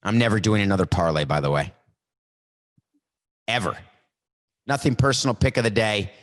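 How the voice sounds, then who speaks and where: A man hosting a solo sports podcast, talking in a worked-up, animated way and acting out little mock skits. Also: on the low side, moderate pace. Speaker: podcast host. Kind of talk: solo sports talk monologue.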